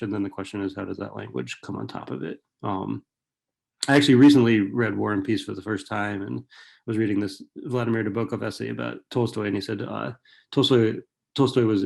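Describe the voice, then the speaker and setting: A middle-aged man giving an author talk at a library, speaking quickly and digressively with many restarts and fillers. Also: fairly low pitch, creaky, darkish tone. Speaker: author and writing professor.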